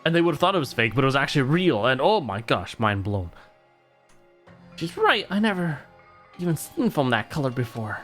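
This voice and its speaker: At a medium pitch and a slightly quick pace, a man streams a game and reads the characters' dialogue in put-on voices, joking animatedly in between. Faint music can be heard behind him.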